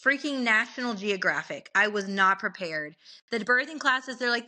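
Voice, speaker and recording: A young woman telling a personal story on a casual podcast, animated and laughing often. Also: mid-range voice, moderate pace.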